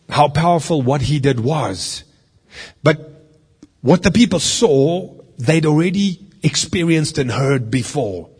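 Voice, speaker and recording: A middle-aged man delivers a teaching sermon with a husky, slightly breathy voice that sits a little high for a man. He speaks earnestly and conversationally, as a minister explaining scripture to his listeners. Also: a little mellow.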